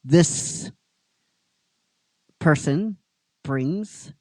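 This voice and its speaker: A male host casually retelling a story with a lively, swinging pitch and an unhurried pace. He halts and restarts often and drops the odd swear word, all sounding dry and close to the mic. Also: no room sound, poor audio. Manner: halting, with restarts, occasional swearing. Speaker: show host.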